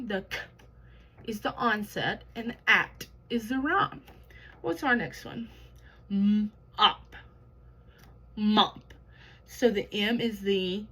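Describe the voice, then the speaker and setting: A young woman teaching a kindergarten class and sounding out words slowly and loudly for young children. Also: medium pitch, breathy edge, low-quality recording. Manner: slow, exaggerated word sounding for young children. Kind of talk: kindergarten lesson.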